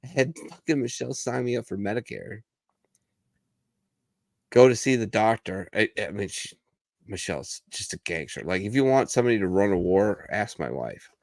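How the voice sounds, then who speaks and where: Man, veteran co-host, low-pitched, dry close sound, profane, blunt storyteller, casual chat. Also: expressive, moderate pace, gravelly, dry recording. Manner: profane, blunt storyteller who acts out others' lines. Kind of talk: casual bar-style chat.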